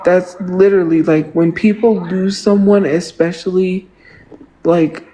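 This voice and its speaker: A woman's voice: lowish voice, steady tone, unhurried, warm tone, slight background noise, low-quality recording. A woman livestreamer ranting to her viewers, indignant and profane, saying "literally" and "like" again and again.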